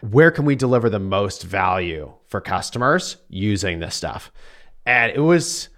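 A man's voice: lowish voice, sing-song, a little slow, a bit bright. A man co-hosting a podcast, talking in an upbeat, enthusiastic, casual way. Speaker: podcast co-host. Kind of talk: casual chat.

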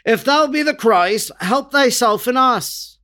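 Man doing bitter thief on a cross, crying out, pitched high. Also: animated, takes it slowly, heavily acted. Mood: taunting. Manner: shouting taunts. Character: taunting male thief on a cross. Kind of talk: dramatic reading.

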